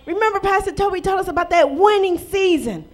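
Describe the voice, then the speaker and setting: High-voiced woman preaching a lively sermon. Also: fairly quick. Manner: lively preaching with rhetorical questions and playful acted quotes. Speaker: pastor.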